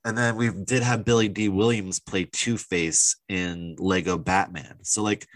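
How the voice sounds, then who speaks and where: A man's voice: low voice, fairly even intonation, unhurried, no room sound. A man co-hosting a casual chat, enthusiastic and rambling with lots of fillers. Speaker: podcast co-host.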